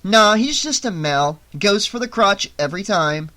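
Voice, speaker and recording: A reader voicing a crude, teasing teenage girl in an audiobook, loud and shrill in quick bursts. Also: expressive. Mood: gossipy. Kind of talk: audiobook character voice.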